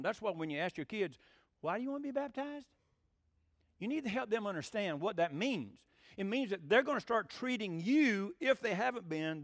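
A man's voice: sits high, no echo, studio quality. A middle-aged man preaching a sermon in a folksy way, asking his listeners questions as he goes. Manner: folksy, animated, asks the room questions. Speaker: pastor.

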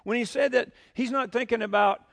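A man's voice: very high voice, fairly quick, creaky. A man preaching a sermon in a conversational way, with frequent fillers, rising to emphatic bursts when quoting scripture. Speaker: pastor.

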